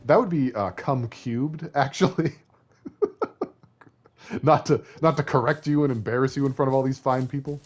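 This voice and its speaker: A man's voice: mid-range voice, unhurried, long pauses, darkish tone. A young man from Canada, streaming a story game, chatting and joking with his viewers. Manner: joking and chatty, talks to chat. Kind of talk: reading a story game aloud on a live stream. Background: faint game music.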